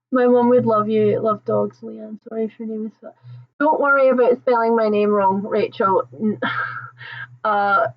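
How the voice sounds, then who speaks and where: Young female stream host, casual and rambling, quick to laugh; slightly muffled audio. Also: a little high, fairly even intonation. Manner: chatty, rambling, laughs often. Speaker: livestream host. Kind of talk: casual live chat with viewers.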